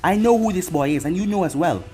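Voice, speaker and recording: A man voicing a soft-spoken, protective noblewoman who turns firm when crossed. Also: sits high, animated, fast talker, soft background music.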